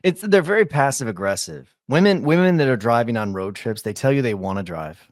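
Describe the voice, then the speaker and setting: Male co-host, animated pitch, dry close mic, exasperated comic ranter. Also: a little fast, dry recording. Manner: exasperated complaining, rising into mock outrage. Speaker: podcast co-host. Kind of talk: casual comedic banter.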